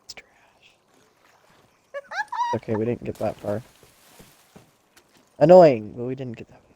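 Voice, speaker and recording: A man's voice: medium pitch, expressive, measured pace, vocal fry, pauses often, dark tone, slight background noise. A man chatting sarcastically while playing a game with a friend, swearing at the game. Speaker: gaming co-player.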